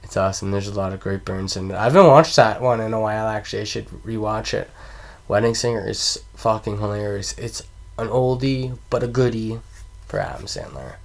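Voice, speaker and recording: A man's voice: on the low side, fairly quick. A man casually ranking movies in a vlog, rambling and swearing freely, laughing often and losing track of names mid-sentence. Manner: profane, rambling, laughs a lot, trails off forgetting names. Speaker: movie review vlogger.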